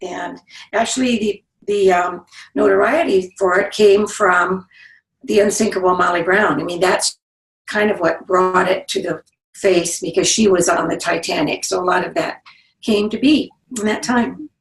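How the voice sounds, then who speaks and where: A woman's voice: lowish voice, normal speed. A woman in her seventies, born in England and raised in South Dakota, chatting as a guest author with wry, anecdotal storytelling. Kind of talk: storytelling interview. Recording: roomy, distant mic.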